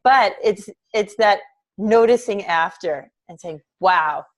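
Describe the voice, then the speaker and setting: A woman educator answers as an interview guest, with a mid-range, even voice. She talks in a reflective, measured way, like someone thinking aloud. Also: medium pitch. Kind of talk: casual interview chat.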